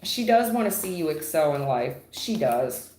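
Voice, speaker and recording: A woman's voice: low voice, very animated, normal speed, darkish tone, a little hiss or hum. A woman giving a live tarot reading in a blunt, emphatic, slangy way, repeating her points. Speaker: tarot reader. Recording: roomy echo.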